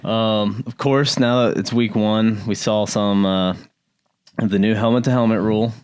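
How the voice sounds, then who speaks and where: Deep-voiced joking podcast man. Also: steady tone, unhurried, a little mellow, smooth, no room sound, clean studio sound. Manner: joking, loose, filler-heavy. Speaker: podcast co-host. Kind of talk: casual sports banter.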